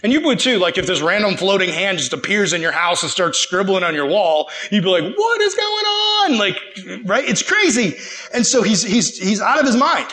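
Animated young man preaching a casual sermon. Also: high-pitched, brisk. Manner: animated, slangy, acts out the characters. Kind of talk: casual sermon, retelling scripture.

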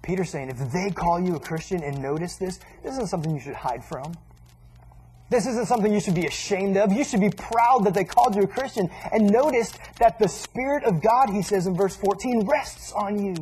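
A man preaching a sermon in a casual, animated way, acting out little asides as he teaches. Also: sits high, a little fast, slight background noise, poor audio.

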